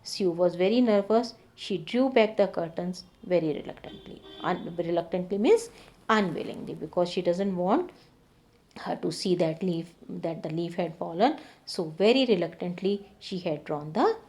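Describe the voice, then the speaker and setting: Mellow-voiced woman teaching a story. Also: fairly low pitch, lively intonation, normal speed. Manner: repeats and paraphrases each sentence in simple words. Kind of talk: reading a story aloud and explaining it.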